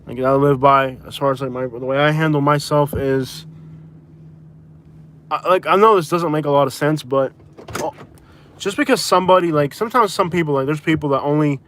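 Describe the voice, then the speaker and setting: A man's voice: on the high side, fairly quick, a bit bright. A man from Florida, live-streaming from inside his car, talking in a rambling, casual way, often restarting and correcting himself, and tired with a migraine. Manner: rambling, self-correcting, chatty. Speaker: vlogger. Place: inside a vehicle.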